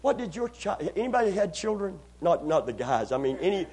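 Animated preaching man, pitch swinging high. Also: husky. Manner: preaching with call-and-response to the congregation; rises to loud, drawn-out emphasis on key lines. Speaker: pastor. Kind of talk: sermon. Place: church before a congregation.

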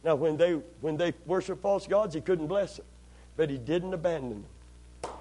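A man with a high voice preaching to a congregation. He calls out for amens and repeats key phrases. His delivery swings from steady teaching into impassioned, drawn-out shouts. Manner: call-and-response, rising to impassioned shouting. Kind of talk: sermon.

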